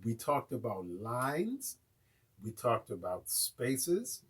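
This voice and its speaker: Slow, husky American drum teacher. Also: male voice, mid-range voice, huge pitch swings. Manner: casual, checks in with viewers often. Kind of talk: live online music lesson.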